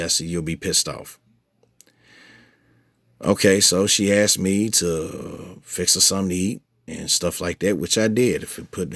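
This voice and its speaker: A man with a fairly low voice tells his followers about a personal run-in, swearing freely and stumbling over restarts as he goes. The sound is dry and close, with no room around it. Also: dry recording. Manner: profane, animated retelling with heated quoted outbursts; frequent restarts and filler phrases. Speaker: vlogger updating followers. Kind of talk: casual storytelling to camera.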